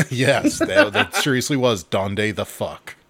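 A man's voice: mid-range voice, huge pitch swings, takes it slowly, a bit bright. A man co-hosting a casual podcast, reading news quotes aloud and laughing at his own slips. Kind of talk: casual chat.

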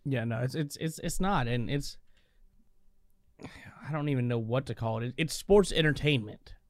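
A man's voice: medium pitch, normal speed, no echo, clean studio sound. A man in casual chat as a podcast co-host, giving strong opinions and often restarting his sentences. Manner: opinionated, stumbles over restarts.

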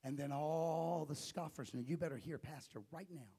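A male pastor preaching a sermon, often building up to impassioned shouting. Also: on the high side, moderate pace, slightly rough.

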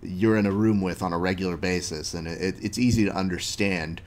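A man's voice: low voice, steady tone, fairly quick. A young man hosting a podcast in a laid-back, slangy chat, full of "dude" and storytelling. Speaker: podcast host. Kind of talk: casual interview chat.

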